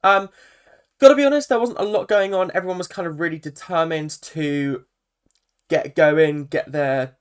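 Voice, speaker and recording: A vlogger giving a casual, chatty recap of a reality show, full of fillers and animated asides. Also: medium pitch, normal speed, clean tone. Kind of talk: casual commentary.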